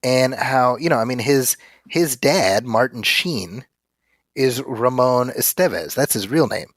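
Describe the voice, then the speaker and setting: A man co-hosting a podcast, chatting casually and reading listener mail with animated storytelling. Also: medium pitch, unhurried, no room sound, studio quality. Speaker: podcast co-host. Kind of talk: casual chat.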